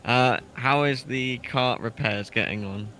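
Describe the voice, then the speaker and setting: A man's voice: mid-range voice, unhurried, sharp tone, a little hiss or hum. A man playing a tabletop game, speaking in character casually and playfully, haggling with the game master. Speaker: player.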